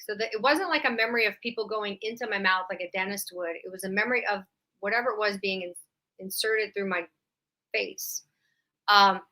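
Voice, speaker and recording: A woman's voice: medium pitch, bright, forceful tone. A woman from Louisiana, a radio show guest, telling her story in a rambling way with many fillers and restarts. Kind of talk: casual storytelling interview.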